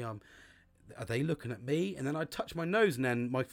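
Lively sweary man talking. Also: on the high side, fast. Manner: swears a lot, acts out inner voices. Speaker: podcast host. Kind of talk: casual monologue.

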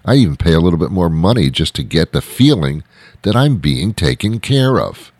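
Low-voiced man ranting in exasperation. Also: big pitch swings, normal speed, darkish tone, breathy edge, no echo. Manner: exasperated, repetitive, comic complaining. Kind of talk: ranting monologue.

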